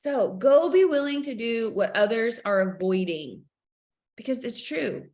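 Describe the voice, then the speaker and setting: Lively woman hosting a team call. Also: a little high, measured pace. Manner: lively, preachy, acts out family stories. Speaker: host of a sales team call. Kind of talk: upbeat motivational team call.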